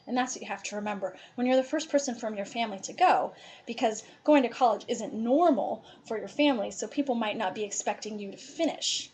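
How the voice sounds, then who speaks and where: Upbeat Appalachian woman advisor, chatty and encouraging, voice sits a bit high. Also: brisk, a little mellow, slight background noise. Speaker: college advisor. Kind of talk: presentation.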